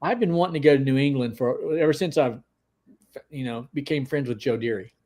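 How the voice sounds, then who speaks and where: A man hosting a casual livestream, chatting and greeting viewers by name with excitable energy. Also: mid-range voice, fairly quick. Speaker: livestream host.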